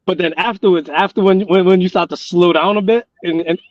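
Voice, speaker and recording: A man's voice: sits high, brisk, muffled recording. A man co-hosting a casual talk show, teasing and telling stories with playful energy. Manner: playful, teasing, animated storytelling. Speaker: co-host. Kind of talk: casual podcast banter.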